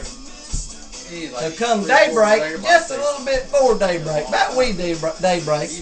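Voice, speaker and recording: A man tells a folksy tall tale, drawling and colloquial, chuckling as he goes. His voice sits fairly high for a man. Soft music plays faintly beneath him. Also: lively intonation, unhurried. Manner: drawling, colloquial, laughs through his telling. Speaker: storyteller. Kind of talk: folksy campfire storytelling.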